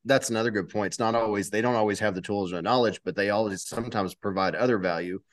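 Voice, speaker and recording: A man co-hosting a podcast, telling stories in relaxed casual chat. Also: fairly low pitch, quick pace, dry recording, clean studio sound. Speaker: podcast co-host.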